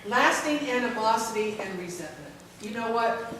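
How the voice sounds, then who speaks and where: Woman giving a frank jokey talk, bit high voice, big echoey hall, mic far off. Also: expressive, moderate pace, fairly bright tone, a little hiss or hum. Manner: candid and self-deprecating, joking with the room. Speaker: speaker at a caregiver symposium. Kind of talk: conference talk to an audience. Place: large conference hall.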